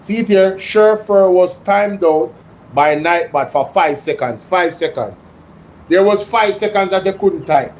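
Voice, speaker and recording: A Jamaican man hosts a livestream and talks straight to his chat, excitable and chatty. His voice sits a little high, and he drifts in and out of patois. Faint room noise hums behind him. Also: a little slow, low-quality recording. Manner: excitable, slips into patois, addresses chat directly. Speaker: livestream host. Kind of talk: casual livestream commentary reading chat.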